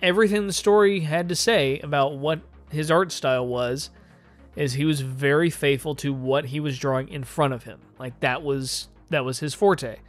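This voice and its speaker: A man's voice: a little high, normal speed. Opinionated man reviewing casually. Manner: opinionated, rambling. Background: faint music.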